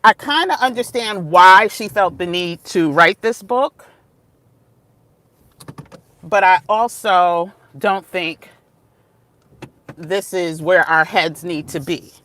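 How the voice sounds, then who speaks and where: An unhurried woman talks straight to her viewers in a relaxed vlog. She drifts off topic, catches herself and laughs often. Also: on the low side. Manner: chatty, digressive, laughs often. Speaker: vlogger. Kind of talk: casual vlog talk. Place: outdoors, moving between places.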